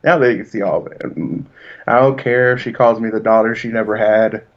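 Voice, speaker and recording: A man's voice: fairly low pitch, fairly even intonation, fairly quick, lo-fi sound. A man in his thirties, a podcast co-host, talking in an earnest, reflective way as he tells personal stories. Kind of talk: casual chat.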